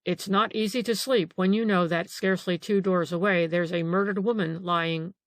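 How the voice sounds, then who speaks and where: A woman voicing a calm male police detective in an audiobook, pressing with questions. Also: on the low side, moderate pace, no room sound, natural voice. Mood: probing. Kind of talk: audiobook character reading.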